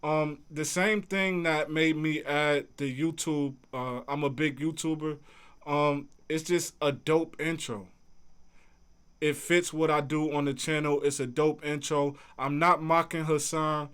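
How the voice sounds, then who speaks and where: A man hosts a casual livestream and talks back to his chat in relaxed slang. His voice sits a little high for a man and comes through smooth and clear. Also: a little slow. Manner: laid-back, conversational, speaks to chat in slang. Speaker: livestream host reading chat.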